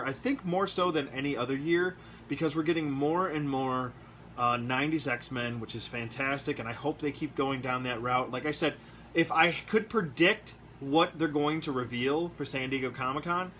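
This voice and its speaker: A man who collects toys, chatting in a rambling, excitable way with lots of fillers, recorded in a room at home. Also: mid-range voice, normal speed, a little hiss or hum. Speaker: toy collector vlogger. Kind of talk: casual rambling review vlog.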